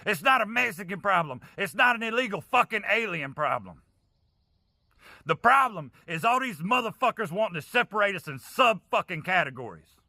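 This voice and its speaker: An angry man on a profane, preachy vlog rant. His voice sits high and is very bright and cutting. The sound is dry and close. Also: big pitch swings, normal speed, no room sound.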